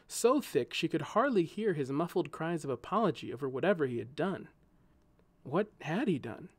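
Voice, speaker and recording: A male narrator reads a storybook aloud in a gentle, measured way. His voice sits at an ordinary middle pitch, and the recording is close and very dry, like a home studio. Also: dry recording.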